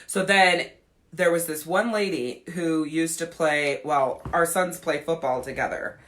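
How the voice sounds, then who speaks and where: A woman's voice: low voice, fairly even intonation, a little slow, a bit bright. Blunt, profane woman telling stories. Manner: blunt and profane, frank confessional storytelling. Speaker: podcast host and life coach. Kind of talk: casual storytelling.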